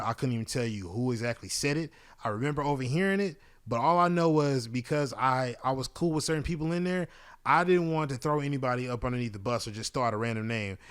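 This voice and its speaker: Man, podcast host, casual storytelling, swears a lot, rambles, mid-pitched voice. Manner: profane, rambling, frequent fillers.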